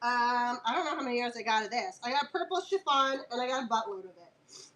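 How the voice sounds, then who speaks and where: A woman's voice: fairly high pitch, animated, brisk, fairly bright tone. A woman selling fabric on a casual live stream, chatty and joking, laughing often and talking aside to her dog.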